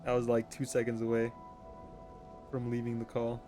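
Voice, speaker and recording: A man's voice: mid-range voice, monotone, moderate pace, music in the background. A young man streaming a game, chatting casually with viewers in a joking, offhand way and laughing often. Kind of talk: casual chat reading viewer messages.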